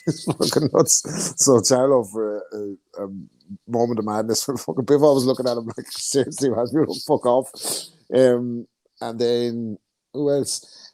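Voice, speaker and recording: A man's voice: steady tone, a little slow, dark tone, no echo. Sweary man telling boxing stories. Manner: sweary storytelling, mimics fighters in higher voices. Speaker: podcast co-host. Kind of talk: casual boxing chat.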